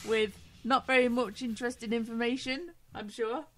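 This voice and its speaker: A woman's voice: a little high, fairly even intonation, normal speed. Teasing British woman co-host. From Britain. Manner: teasing, dry. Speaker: radio co-host. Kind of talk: casual talk radio banter.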